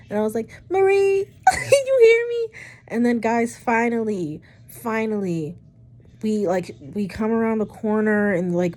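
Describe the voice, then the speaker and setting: A young woman recounts a mishap in a loose, rambling storytime vlog, with plenty of fillers and casual swearing. Her voice is mellow and dark in tone at an average pitch, and she tells the story in an animated way. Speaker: storytime vlogger.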